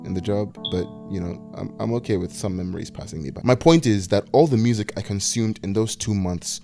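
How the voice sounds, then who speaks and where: A man in his twenties from Nigeria, narrating a reflective personal video essay in a soft-spoken way. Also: on the low side, brisk, gravelly, music in the background. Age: 20s.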